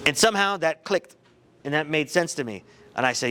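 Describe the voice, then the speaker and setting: A man giving a motivational talk to high school students, telling a personal story in an animated, conversational way. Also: a little fast, clean tone. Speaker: guest speaker.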